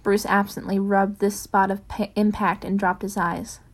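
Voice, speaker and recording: A woman's voice: mid-range voice, flat delivery, moderate pace. Woman reading a story, unpolished. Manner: unpolished, corrects her own slips. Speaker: reader. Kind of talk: reading fan fiction aloud.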